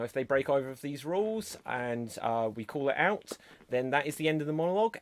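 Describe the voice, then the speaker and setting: A man hosting a live online improv comedy show over a video call, upbeat and brisk as he explains the games. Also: medium pitch.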